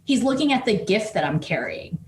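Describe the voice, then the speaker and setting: A woman professor telling a story as a podcast guest, animated and quick, with many fillers. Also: mid-range voice. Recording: roomy echo with faint noise.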